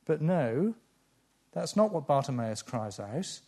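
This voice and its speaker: A man's voice: big pitch swings, slow pace, breathy edge. Man preaching a conversational sermon. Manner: conversational, asks the listeners questions; swings between loud emphasis and quiet lowered asides. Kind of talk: expository sermon.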